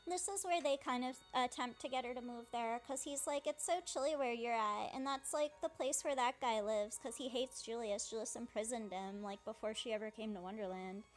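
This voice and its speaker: Over soft background music, a woman with a slightly high voice talks a little fast with few pauses. She's a fan dubber casually narrating a game playthrough, paraphrasing characters' lines with "she's like."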